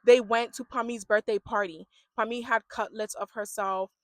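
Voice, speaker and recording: A woman ranting casually about a reality show, acting out the people she quotes and swinging between loud bursts and hushed asides. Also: on the high side, fairly even intonation, moderate pace, dry recording. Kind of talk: casual rant vlog.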